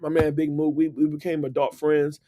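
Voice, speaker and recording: A man's voice: fairly high pitch, little pitch movement, moderate pace. Upbeat slangy man hosting a live stream. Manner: upbeat, loose and slangy, shouting out viewers. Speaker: livestream host. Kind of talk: casual motivational livestream talk.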